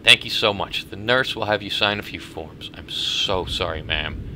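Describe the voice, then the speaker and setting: A man's voice: lowish voice, slight background noise. A man playing a somber apologetic doctor. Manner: soft, apologetic and measured. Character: somber male doctor breaking bad news.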